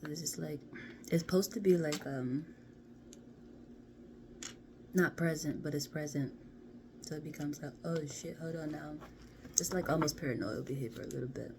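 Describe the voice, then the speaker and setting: A woman doing a casual card reading to camera, chatty and playful, often dropping into soft half-whispers. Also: low voice, brisk. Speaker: card reader. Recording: steady background noise.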